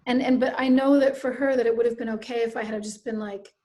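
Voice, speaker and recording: Here is a middle-aged woman from Nova Scotia who speaks as an interview guest, recounting a personal story with candor. Her voice sits a little high, and her talk is reflective and earnest, often trailing off into quiet asides. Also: fairly even intonation, fast talker. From Nova Scotia, Canada. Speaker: guest, writer.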